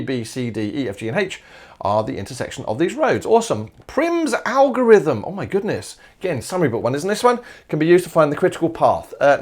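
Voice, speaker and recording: An Australian man with a voice pitched a little higher than most men's, working through exam solutions as a maths teacher. He talks casually and thinks out loud, correcting himself and tossing in asides like "all right" as he goes. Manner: chatty, informal, talks himself through each step.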